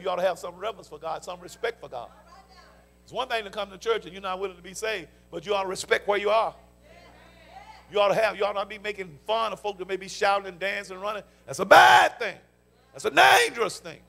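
A man, a pastor preaching a sermon in church, calling out questions for the congregation to answer and rising into shouts. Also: high voice, brisk, soft background music. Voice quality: gravelly. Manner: call-and-response preaching, shouting peaks. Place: church sanctuary.

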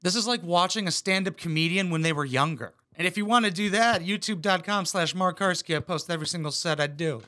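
A man's voice: sits high, fairly quick, hardly any pauses, pushed and bright. A man hosting a reaction video, roasting clips with sarcastic, profane commentary. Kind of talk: mocking commentary over clips.

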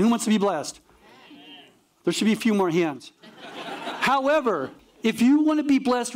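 A male pastor with a notably high-pitched voice preaches to his congregation with animated energy. He acts out the voices of people in his stories, and his key points come in short, punchy, emphatic bursts.

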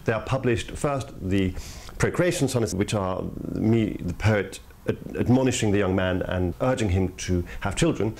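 A man with a somewhat low voice gives earnest spoken commentary as a podcast host. He talks in measured phrases, repeats his points for weight, and jumps up in pitch on the words he wants to stress. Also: a little mellow. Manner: earnest, emphatic, with sudden rises in pitch on key words. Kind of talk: reflective spoken commentary on poetry.

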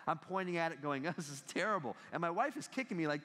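American guy giving a campus talk, kinda high voice, lots of questions to the crowd, long echo from a big hall. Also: very fast, hardly any pauses. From United States. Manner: animated storyteller, asks the audience questions. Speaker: guest speaker, ethics professor. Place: large lecture hall with live audience. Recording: long reverb of a large hall.

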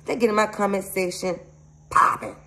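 A woman's voice: mid-range voice, moderate pace, bright, forceful tone, rough recording. A woman, rambling emphatically to her viewers in a casual spiritual vlog. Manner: rambling, emphatic, frequent laughs, addresses viewers as y'all. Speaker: psychic medium channel host.

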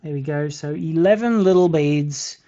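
In a casual live craft tutorial on beading, a British-accented man talks to his viewers and counts beads aloud while working. His voice is fairly high with a dark tone, his pace moderate, and the audio is a bit dull and lo-fi.

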